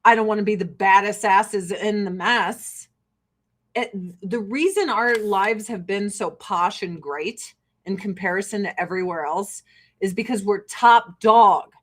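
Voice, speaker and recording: An American woman with a mid-range, slightly slow voice hosts a casual livestream selling skincare. She talks bluntly, swears freely, and laughs often.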